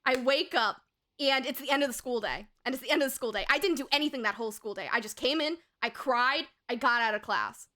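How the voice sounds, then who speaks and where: A woman's voice: high-pitched, fast, sharp tone. A young woman streamer telling a story in casual, rambling chat, full of fillers, laughter and swearing, at a home desk mic.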